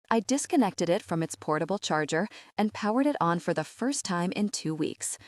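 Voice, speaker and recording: A woman narrating a first-person romance audiobook in a steady, even voice, read close to the mic. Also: on the low side, no echo.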